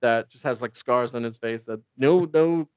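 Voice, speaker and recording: A man's voice: mid-range voice, clean tone, dry recording, highs cut off. Rambling, joking man recapping a comic. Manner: rambling, joking, acts out lines in quick impressions. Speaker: podcast co-host recapping a comic. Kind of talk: casual comedic recap.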